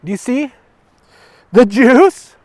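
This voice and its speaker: A man's voice: very high voice, expressive, takes it slowly, dry recording. A man chatting casually to his viewers outdoors at night, rambling and joking, into a clip-on lavalier microphone. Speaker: vlogger. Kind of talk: casual chat to camera.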